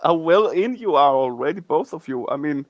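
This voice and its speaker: Man, podcast host, higher voice, stop-start delivery, dry close sound. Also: expressive, no echo. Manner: halting, repeats words often. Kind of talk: casual chat.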